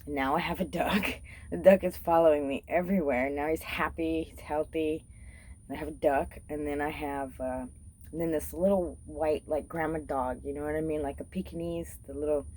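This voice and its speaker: A woman's voice: low-pitched, warm tone, slight background noise, low-quality recording. A woman vlogger casually recounting a dream, rambling and swearing freely. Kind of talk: casual storytelling.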